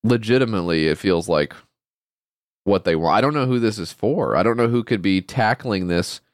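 A man's voice: on the low side, moderate pace, no echo, clean studio sound. A man co-hosting a podcast, chatting casually and ranting in exasperation. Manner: exasperated ranting, swears a lot. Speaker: podcast co-host. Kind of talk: casual chat.

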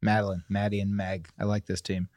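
A man co-hosting a casual comedy advice podcast, playful and animated. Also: on the low side, brisk, dry recording, clean studio sound. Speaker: podcast co-host.

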